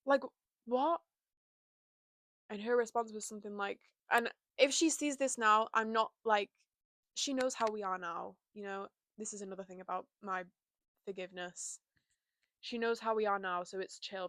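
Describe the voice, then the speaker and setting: A woman's voice: medium pitch, a bit bright, no echo. A young woman chatting casually and openly to camera from her bedroom, full of "like" and "you know". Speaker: vlogger. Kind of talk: casual confessional chat.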